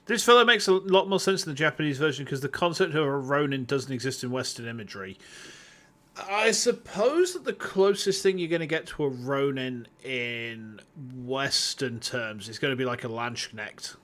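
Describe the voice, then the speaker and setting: A man's voice: medium pitch, expressive, moderate pace, a bit bright. A man streaming a game as a VTuber, chatting casually with swearing asides. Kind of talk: casual let's-play commentary. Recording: music playing underneath.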